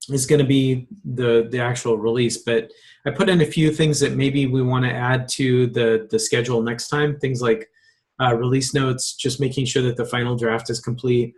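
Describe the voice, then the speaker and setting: A man leading a casual online meeting over a video call, his voice at an ordinary middle pitch. He pauses often, restarting sentences and filling gaps with ums and uhs. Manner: hesitant, many fillers and restarts. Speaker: release meeting lead.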